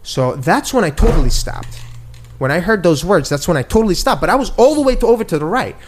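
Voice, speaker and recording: Agitated older man, fast and high. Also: big pitch swings. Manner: agitated, swearing, repeats himself, acts out quotes. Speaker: guest telling his story. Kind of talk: heated casual conversation.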